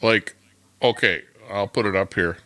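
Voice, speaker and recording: A man's voice: fairly low pitch, unhurried, pushed and bright. A man hosting a live stream, chatting casually and reading from the screen. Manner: chatty, reads along from the screen. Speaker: stream host.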